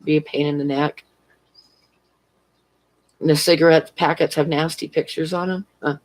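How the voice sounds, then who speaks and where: A woman's voice: sits low, fairly even intonation, normal speed, poor audio. Chatty woman rambling and laughing. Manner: rambling, chatty storyteller who laughs often. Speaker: convenience store clerk. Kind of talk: casual chat on a live stream. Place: at home, near a fish tank.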